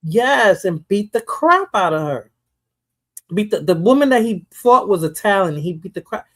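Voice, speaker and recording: A woman's voice: mid-range voice, lively intonation, normal speed. Chatty New York woman. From the Bronx, New York. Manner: chatty, laughs often, trails off into mumbles. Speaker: host. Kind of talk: casual chat.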